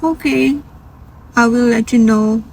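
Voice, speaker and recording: A woman's voice: a little high, measured pace, vocal fry, a little mellow, distant mic, slight background noise, pitched above the performer's own voice, low-quality recording. A woman quoting a timid, lonely female patient. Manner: timid, hesitant.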